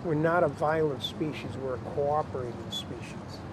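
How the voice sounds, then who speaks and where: A man's voice: on the high side, normal speed, background noise. A middle-aged man, an author, telling a reflective personal story in an earnest way, stumbling over repeated words when moved. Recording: music bed under the voice.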